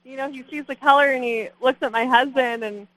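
A woman's voice: high-pitched, steady tone, a little fast, fairly bright tone, no echo, rough recording. Young woman on a radio fishing show, giggly, lots of likes and you-knows, dry close sound. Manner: laughing, lots of "like" and "you know". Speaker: guest angler. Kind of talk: casual storytelling on a radio show.

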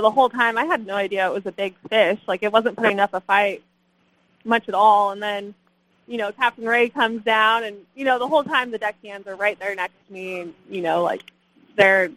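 On a radio show, a young guest angler laughs her way through a casual account of her catch, peppered with "like" and "you know." She has a mid-range, fairly bright voice, with no echo but poor audio.

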